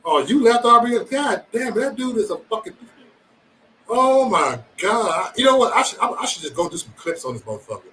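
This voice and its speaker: Lively, bright-voiced man ranting on a livestream. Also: very high-pitched, fast, hardly any pauses, far from the mic, rough recording. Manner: profane, rambling banter, jokingly threatening. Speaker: livestream host. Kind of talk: casual livestream chat with viewers.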